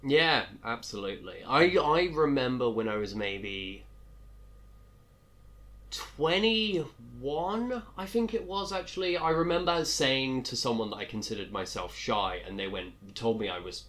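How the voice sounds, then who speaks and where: A man hosting an interview, asking questions and reflecting in a relaxed, conversational way. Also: mid-range voice, measured pace. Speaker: podcast host. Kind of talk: casual interview chat.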